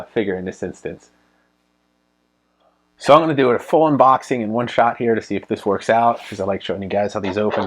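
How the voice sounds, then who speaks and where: A man giving a casual unboxing review of a collectible statue, relaxed and full of ums and uhs as he handles it. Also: on the low side. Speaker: toy reviewer.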